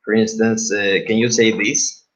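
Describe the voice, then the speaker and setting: In a dull, lo-fi recording, a Spanish-accented man teaches English pronunciation to a live class. He stumbles along, repeating words and leaning on fillers, his lowish voice barely moving in pitch.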